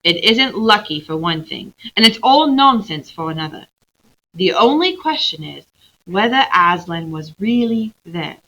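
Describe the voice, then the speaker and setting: A woman reading a calm, firm older boy. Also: mid-range voice, a little slow, highs cut off, exaggerated voice.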